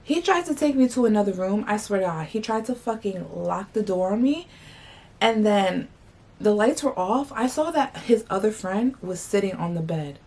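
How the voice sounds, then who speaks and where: A woman's voice: medium pitch, normal speed. A young woman from New York, talking casually as she tells a story and repeats 'like' and 'blah blah'. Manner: animated, slangy retelling full of 'like' and 'blah blah'. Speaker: vlogger.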